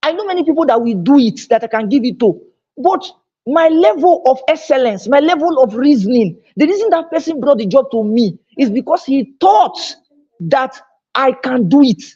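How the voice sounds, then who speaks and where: A man's voice: very high-pitched, expressive, moderate pace, warm tone, husky, lo-fi sound. A man giving a live online lecture, emphatic and repeating his key phrases. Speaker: online teacher. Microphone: own microphone, recorded on camera.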